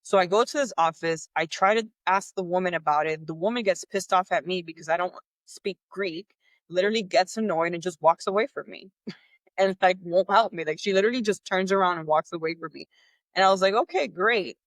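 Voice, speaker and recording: A woman's voice: lowish voice, a little fast, no echo. A woman tells a hard personal story on a podcast, speaking candidly and with open exasperation. She slips into the voices of the people she quotes as she goes. The recording is close and dry, with no room sound. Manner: candid, animated, acts out quoted dialogue; exasperated, frustrated. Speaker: podcast host.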